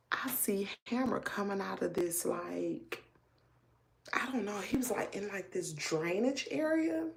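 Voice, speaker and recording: A woman, telling a story to her viewers in a chatty, animated way with lots of asides. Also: medium pitch, measured pace, creaky, a little hiss or hum. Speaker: family vlogger.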